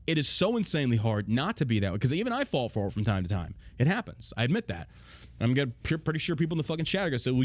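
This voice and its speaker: A man's voice: medium pitch, no echo. A man hosting a show, ranting bluntly and profanely in a casual, heated way. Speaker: show host. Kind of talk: casual political rant.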